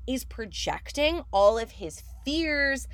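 A chatty woman hosts a casual recap podcast, talking fast and loose with plenty of "like" fillers. Her pitch swings widely and jumps high when she stresses a point. The sound is close and dry, with no room echo. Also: big pitch swings, clean tone. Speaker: podcast host.

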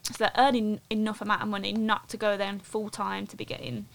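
A woman's voice: medium pitch, level tone, brisk, creaky. Chatty woman, loose. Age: late 20s to 30s. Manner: chatty, loose, many fillers. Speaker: guest footballer and coach. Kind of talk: casual podcast chat.

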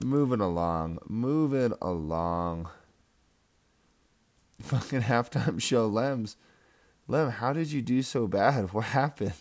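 A man's voice: on the low side, a little mellow. A young man giving a casual, rambling fantasy football recap, full of trash talk and laughter. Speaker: fantasy football league member.

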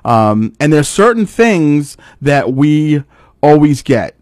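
Brief: middle-aged man, podcast host, swears freely, animated storyteller, dead-dry mic sound. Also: fairly high pitch, takes it slowly, dry recording. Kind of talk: casual chat.

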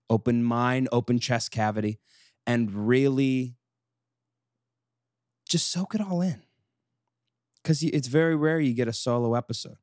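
A man's voice: mid-range voice, a little mellow, dry recording. Chatty self-mocking young man, dry sound. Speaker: podcast co-host. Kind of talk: solo podcast monologue. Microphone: studio microphone.

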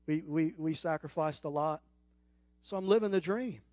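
A middle-aged man preaching a sermon in a church, telling stories that climb to loud, animated peaks. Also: on the high side, normal speed, no echo. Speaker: guest preacher.

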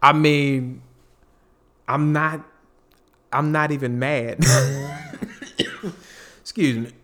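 A man hosts his own podcast alone, talking loosely and profanely about the news. His pitch rises and dips with plenty of swing, and he laughs often and drops into quick impressions of people he talks about. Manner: animated, laughing, profane, mimics celebrities mid-story. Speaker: podcast host. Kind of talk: casual solo podcast chat. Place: home recording space.

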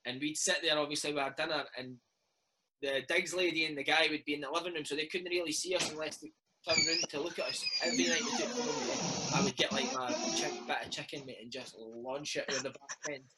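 A Scottish former footballer, maybe in his thirties, telling lively, laughing stories in a casual interview. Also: a little high, brisk, very noisy. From Scotland. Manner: lively, laughing, says mate a lot. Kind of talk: casual storytelling chat.

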